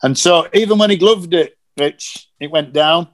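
Animated man telling stories. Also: fairly high pitch, normal speed. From Yorkshire, England. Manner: animated anecdotes with acted quotes. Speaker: guest, former cricket coach. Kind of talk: casual podcast storytelling.

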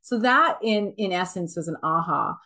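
A woman's voice: on the low side, lively intonation, moderate pace, bright, forceful tone. A woman hosting a podcast interview, affirming and encouraging her guest as she asks questions. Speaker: podcast host. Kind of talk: interview conversation.

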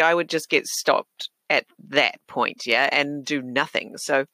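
Male podcast host, middle-aged, bright voice pitched a bit high, chatty and reflective, dry closet recording. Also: a little slow, few pauses, no echo. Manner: chatty and reflective, many fillers and self-corrections, laughs easily. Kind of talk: casual personal monologue. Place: small closet home studio. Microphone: desk podcast microphone.

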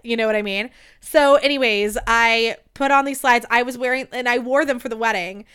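A woman's voice: on the high side, fairly bright tone, smooth. Gushing, profane young woman podcaster. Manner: gushing, profane, self-mocking, many "like" fillers. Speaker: podcast host. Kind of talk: casual storytelling monologue.

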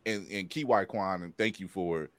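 A man co-hosting a casual podcast review chat, animated and laughing often as he acts out quotes. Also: sits low, normal speed. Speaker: podcast co-host.

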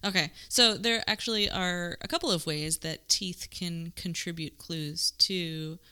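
Casting: woman podcast co-host, bright, lowish voice, chatty explainer with jokes. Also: a little slow, smooth. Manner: explains at length with jokes, laughs easily. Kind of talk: casual science podcast chat.

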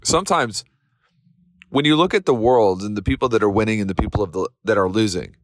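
A man's voice: fairly low pitch, fairly quick, no echo. A man hosting a motivational podcast, talking bluntly and with fired-up energy. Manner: blunt, fired-up, swears lightly. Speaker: podcast host.

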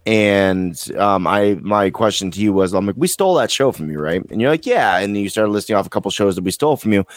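A man's voice: lowish voice, lively intonation, fairly quick, dry recording. A man from the US co-hosting a casual podcast chat, teasing and playful. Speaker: co-host.

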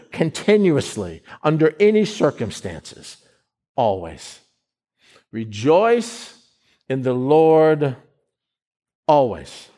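A middle-aged man preaching a sermon, emphatic, often stumbling over repeated words as he builds his point. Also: on the high side.

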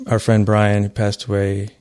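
A man's voice: on the low side, completely flat delivery, normal speed, warm tone, smooth. A man hosting a casual podcast, talking earnestly and emphatically, rambling and restarting his sentences. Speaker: podcast host.

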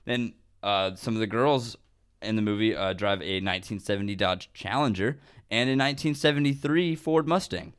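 A man with a low, smooth, resonant voice co-hosts a relaxed film podcast. He rattles off movie trivia with eager enthusiasm, dotting his talk with "um" and "like". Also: normal speed. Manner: enthusiastic, trivia-loving, fillers like "um" and "like". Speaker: podcast co-host. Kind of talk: casual movie chat.

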